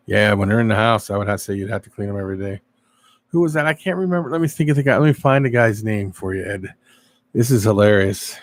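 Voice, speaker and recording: A man's voice: fairly low pitch, quick pace, no room sound. Casual man chatting with stream viewers. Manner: animated storyteller, answers chat viewers. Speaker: live-stream show host. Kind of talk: casual live-stream chat.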